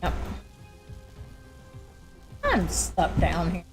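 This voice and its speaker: A woman's voice: fairly low pitch, wildly swooping pitch, very slow, gravelly. Easygoing woman in a co-op game. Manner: easygoing, agreeable, with frequent laughter. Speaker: co-op gaming partner. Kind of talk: casual gameplay chat. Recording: game music in background.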